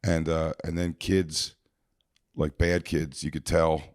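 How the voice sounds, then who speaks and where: A man's voice: extremely low pitch, little pitch movement, slow, no echo, clean studio sound. A man, a podcast co-host telling a long rambling story with many fillers and restarts. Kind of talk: casual storytelling.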